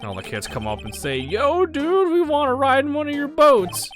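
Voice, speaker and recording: Woman doing a loud rambling old man. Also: high-pitched, sing-song, normal speed, soft background music, voice pushed up. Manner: loud, wavering, folksy drawl.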